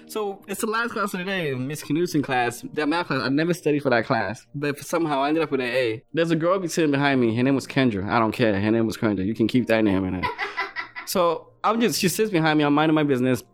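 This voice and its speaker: A young man from Ghana telling his own story in a quick, animated way, his voice slightly altered. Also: medium pitch. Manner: fast, animated retelling with quoted dialogue. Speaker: guest sharing his story. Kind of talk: personal storytelling.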